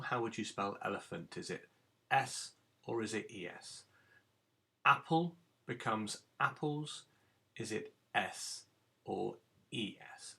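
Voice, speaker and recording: A man's voice: fairly low pitch, creaky, sharp tone. A man teaching a recorded phonics lesson to young children, giving patient step-by-step instructions. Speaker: primary school teacher.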